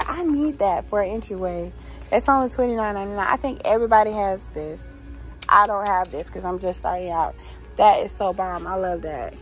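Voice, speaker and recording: A woman's voice: mid-range voice, poor audio. A woman vlogging casually as she walks through a store, chatting and gushing over holiday decor and reading signs aloud. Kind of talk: casual shop-along vlog. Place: inside a store.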